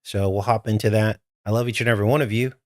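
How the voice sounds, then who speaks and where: A man's voice: fairly low pitch, steady tone, fast talker, darkish tone, dry recording, studio quality. A man hosting a live stream, talking straight to his viewers in an urgent, earnest way. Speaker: livestream host.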